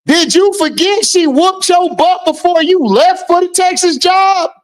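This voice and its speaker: A high-pitched livestream host in loose, loud trash-talk mode. The delivery is slow and drawn out, with the same teasing lines repeated again and again between laughs.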